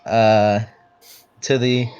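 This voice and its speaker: A man's voice: lowish voice, level tone, extremely slow, a little mellow, clean tone, muffled recording. A man narrating a tabletop game as game master, loose and rambling, with lots of fillers and swearing.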